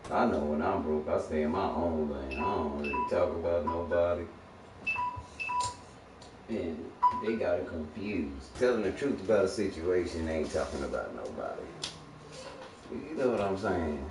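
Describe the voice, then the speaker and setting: A man's voice: sits low, expressive, normal speed, heavy background noise. A man giving a blunt, preachy, profane rant on a casual livestream. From Texas. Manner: blunt, preachy, swears a lot. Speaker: livestream streamer. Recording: echoey room, voice distant from the mic.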